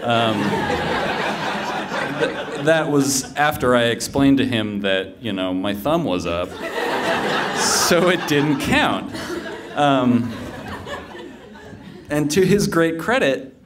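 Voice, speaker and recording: A man's voice: mid-range voice, lively intonation, slow pace, pauses often, very noisy. Man telling a funny story on stage. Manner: conversational, humorous, with fillers and restarts. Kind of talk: personal story told live on stage.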